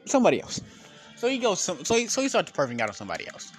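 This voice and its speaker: A man rambling through an improvised fan story in a rather high voice that leaps around a lot. He slips into slang and curses, stops to correct himself mid-sentence, and keeps going. Faint music sits behind him. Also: huge pitch swings, racing. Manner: rambling, restarts and self-corrections, slangy and swearing. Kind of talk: casual fan story told off the cuff.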